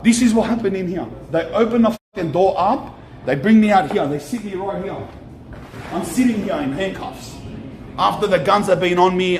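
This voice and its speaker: A young Australian man tells a story on a vlog outside a shop, animated and slangy, swearing and repeating himself. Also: high voice. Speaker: streamer. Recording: echoey with faint ambient noise.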